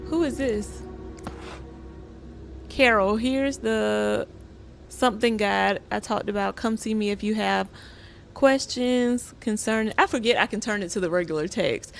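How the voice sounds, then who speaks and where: A woman's voice: mid-range voice, measured pace, creaky, soft background music. Woman reading game letters aloud. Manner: reads in-game letters aloud, gasping reactions. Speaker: gaming streamer. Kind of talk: casual gameplay commentary.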